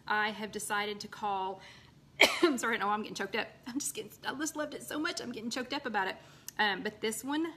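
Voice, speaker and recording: Chatty bright-voiced woman host. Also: medium pitch, a little hiss or hum. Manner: chatty and rambling, many ums, answers viewers by name. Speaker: host of a live diet recipe chat. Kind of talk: casual live-stream chat. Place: her home loft.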